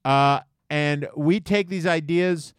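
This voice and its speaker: A man's voice: on the high side, takes it slowly, clear, resonant tone, dry recording. A man in a basement podcast studio, talking casually into a big microphone. He rambles and mocks himself, with plenty of fillers. The sound is dry and close. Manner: rambling, self-mocking, with fillers. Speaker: podcast co-host. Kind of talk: casual storytelling chat. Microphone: large studio microphone.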